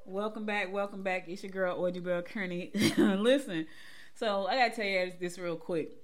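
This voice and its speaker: A woman hosts a morning show in an easy, chatty way. She laughs along with her own stories and speaks straight to her listeners. Her voice sits at an ordinary middle pitch. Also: normal speed. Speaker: podcast host. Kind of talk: casual morning show talk.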